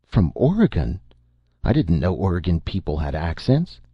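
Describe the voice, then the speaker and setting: Male reader does blunt young man, puzzled, gravelly and dry. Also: low-pitched, wildly swooping pitch, normal speed, no echo, lo-fi sound, full character voice.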